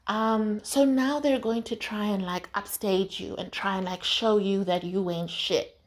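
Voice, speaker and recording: A woman's voice: medium pitch, measured pace. A woman from South Africa hosting a podcast, talking frankly in a casual motivational monologue, with lots of swearing and "right?" tags. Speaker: podcast host.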